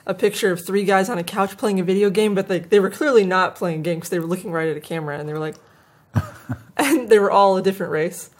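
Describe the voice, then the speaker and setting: A woman's voice: medium pitch, fast. A woman co-hosting a tech news show in casual chat, joking and playful.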